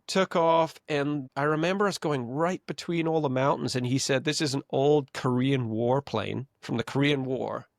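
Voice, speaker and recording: A man's voice: mid-range voice, normal speed, vocal fry, few pauses, no echo. Host guy rambling thru a story, corrects himself a lot, dry close mic. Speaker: podcast host. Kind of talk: casual chat.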